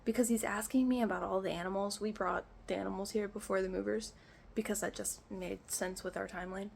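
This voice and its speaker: Exasperated young woman with a gravelly fry. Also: medium pitch, fairly even intonation, a little fast, slight background noise. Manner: exasperated, swearing, lots of filler "like". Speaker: vlogger. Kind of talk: casual storytime rant. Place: echoey room indoors, rain outside.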